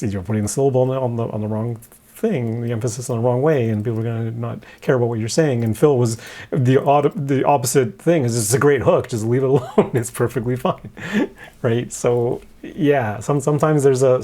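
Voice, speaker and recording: A mellow, warm-toned man talks through his thoughts in a relaxed roundtable chat. He often stops and repeats words before finishing a sentence. He sounds like a songwriter hosting his own show. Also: on the low side. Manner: halting, repeats words often, laughs lightly. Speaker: podcast co-host and songwriter. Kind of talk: casual roundtable discussion.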